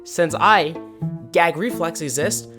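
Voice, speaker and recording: A man telling embarrassing stories in a lively, self-deprecating comic style. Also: fairly high pitch, slow pace, over music. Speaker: storyteller. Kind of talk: animated storytime narration.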